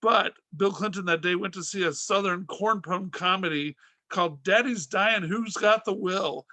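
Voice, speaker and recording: A middle-aged man with a high, bright voice tells comic stories as a podcast host, rambling with restarts and acting out the people he quotes. The sound is close and dry, with no room around it. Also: moderate pace, no room sound. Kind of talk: casual comic storytelling.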